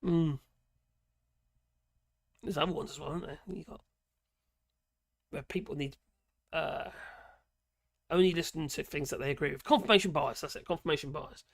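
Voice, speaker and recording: A croaky, hoarse man rambling through opinionated political commentary on a live stream. His voice sits a bit high for a man and is heavy with gravelly fry. He talks casually and haltingly, full of fillers and colloquial asides. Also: fairly even intonation.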